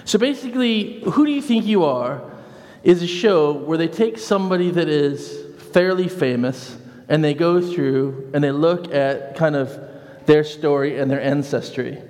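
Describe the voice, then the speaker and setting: A man preaching a lively, conversational sermon in a church, acting out voices as he tells stories. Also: fairly high pitch, a little slow. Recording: church hall reverb.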